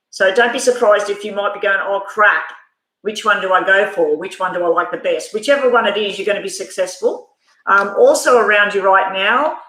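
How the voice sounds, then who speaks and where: Woman tarot reader, rambling and chatty, bright voice, echoey room. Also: mid-range voice. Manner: chatty, rambling, lots of fillers and restarts. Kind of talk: live-stream tarot reading.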